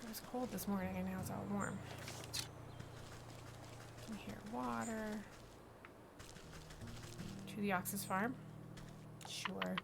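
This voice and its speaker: A woman's voice: mid-range voice, fairly even intonation, slow, gravelly, pauses often, very noisy. A woman streamer chatting casually to herself and her viewers as she plays a game. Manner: chatty, talks to herself and the chat. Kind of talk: casual gameplay commentary. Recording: game music playing behind.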